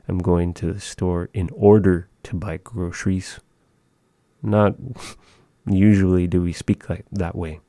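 A man giving a language lesson, thinking aloud in a slow, measured way with frequent pauses. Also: sits low, mellow, dry recording, studio quality. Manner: slow, measured, pausing often. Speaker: language teacher.

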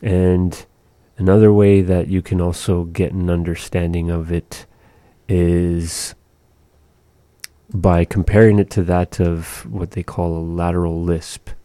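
Slow, deep-voiced man teaching pronunciation. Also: little pitch movement, dark tone, no echo. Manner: slow, patient, demonstrates sounds. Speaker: language teacher. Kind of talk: explaining pronunciation.

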